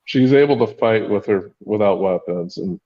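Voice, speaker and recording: Male podcast co-host, mellow low voice, halting unhurried recap, muffled sound. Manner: hesitant, many fillers, laughs often. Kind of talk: casual chat recapping a book.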